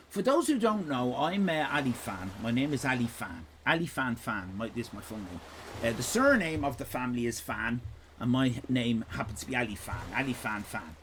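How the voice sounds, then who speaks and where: Irish male streamer, digressive and swearing, with a bouncy, expressive voice and a faint hiss of room ambience. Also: medium pitch, moderate pace. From Ireland. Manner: rambling, digressive, sweary, jokey. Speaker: live streamer host. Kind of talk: casual live-stream chat.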